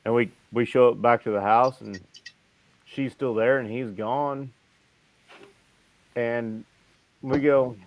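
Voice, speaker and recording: A man's voice: mid-range voice, steady tone, a little slow, long pauses, lo-fi sound. A man hosting a casual group chat, telling stories and cursing freely. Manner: profane storytelling. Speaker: host.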